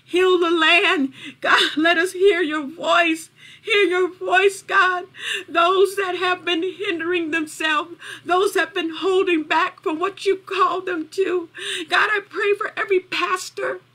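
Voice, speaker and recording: A woman pastor greeting viewers, then praying fervently and repetitively, at times tearful and shouting. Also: extremely high pitch, steady tone. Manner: fervent, rising into shouted prayer; repetitive, halting with fillers. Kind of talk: livestreamed prayer and testimony.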